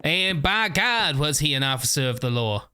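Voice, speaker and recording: A man's voice: on the high side, lively intonation, moderate pace, pushed and bright, clear, resonant tone. A man voicing a proud Southern male police officer in a put-on Southern US accent, drawling and theatrical. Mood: boastful.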